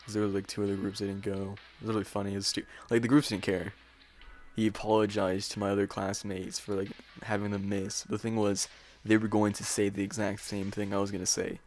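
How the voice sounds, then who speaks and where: A man's voice: on the low side, level tone, a little fast, darkish tone, faint music behind. A young man co-hosting a podcast, chatting in an offhand, rambling way. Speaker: podcast co-host. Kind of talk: casual chat.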